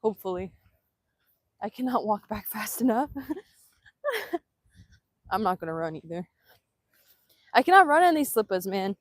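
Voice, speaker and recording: A woman vlogger chatting excitedly on a live stream outdoors, laughing often and filming on a handheld phone. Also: mid-range voice, measured pace, long pauses, no room sound, studio quality. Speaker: vanlife vlogger. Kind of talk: casual live-stream chat. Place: outdoors in Hawaii.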